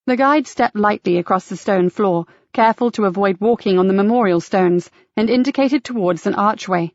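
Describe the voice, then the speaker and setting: A woman's voice: mid-range voice, moderate pace, no room sound. Woman narrating an audiobook, dry sound. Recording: dry, slightly dull audiobook recording.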